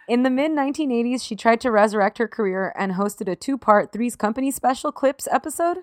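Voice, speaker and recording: A woman's voice: fairly high pitch, animated, fairly quick, hardly any pauses, no room sound, studio quality. A woman co-hosting a podcast, telling a story from notes in casual chat, laughing and swearing freely. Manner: emotional, swears freely, laughs through tears. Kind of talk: casual chat, partly read narration.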